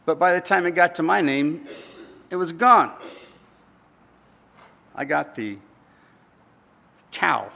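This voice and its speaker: A man's voice: a little high, expressive, slow pace, vocal fry, pauses often, bright, forceful tone. A man in his fifties preaching a sermon, telling stories with humor and acting out voices. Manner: storytelling with acted-out voices and humor. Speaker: pastor.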